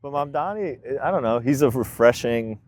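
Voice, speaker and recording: A man's voice: mid-range voice, animated, normal speed, darkish tone. A man in casual podcast chat, laid-back, who mostly gives short agreeing replies. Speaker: podcast co-host.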